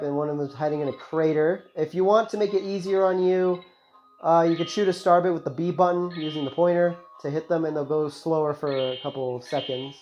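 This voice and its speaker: Here a man with a fairly high, somewhat mellow voice hosts a let's play, rambling and cracking jokes at his own expense while he games. Game music plays behind him, and the audio sounds a bit muffled.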